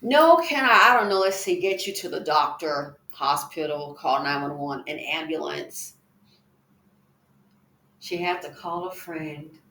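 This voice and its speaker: A woman's voice: low voice, lively intonation, unhurried, a bit bright, a little hiss or hum. A woman giving reaction commentary, emphatic and indignant, with rhetorical questions. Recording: echoey room.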